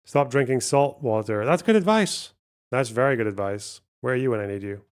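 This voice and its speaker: A man's voice: medium pitch, fairly quick, darkish tone, clear, resonant tone. A man hosting a live stream, reading out donations and thinking aloud over a word puzzle, muttering and swearing as he goes. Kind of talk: casual live stream chat.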